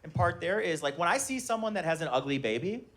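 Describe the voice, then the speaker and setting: A man's voice: fairly high pitch, fast talker. A stand-up comedian in his thirties, telling stories on stage and acting out the voices of his family and others. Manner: animated storytelling, acts out voices of his kids and others. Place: live comedy venue with audience.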